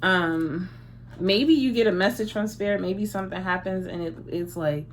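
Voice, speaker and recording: A woman in her thirties talks through a casual tarot reading in a medium-pitched voice. She is emphatic and repeats herself, restarting her sentences as she goes. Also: moderate pace, a little hiss or hum. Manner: emphatic and repetitive, full of restarts. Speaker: tarot reader. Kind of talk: casual spiritual card reading.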